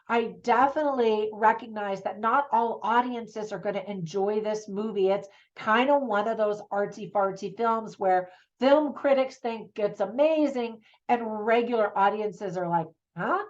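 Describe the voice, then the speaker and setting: A middle-aged woman gives a scripted movie review, upbeat and chatty, sometimes laughing at her own jokes. Her voice sits at an ordinary pitch for a woman. The recording sounds a little dull and muffled.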